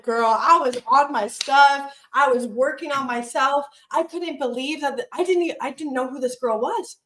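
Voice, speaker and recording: A podcast co-host with a slightly high voice tells a personal story in casual chat, speaking animatedly at a moderate pace. She acts out what people said and swears freely. The room around her echoes.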